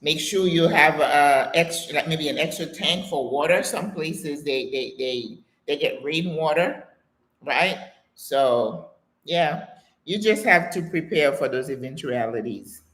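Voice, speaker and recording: An older American woman hosting a live question-and-answer stream, reading viewer comments aloud and telling stories in a chatty, animated way. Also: deep voice, a little slow, a little hiss or hum. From United States. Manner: chatty, animated storytelling with exclamations and laughter. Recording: echoey room sound.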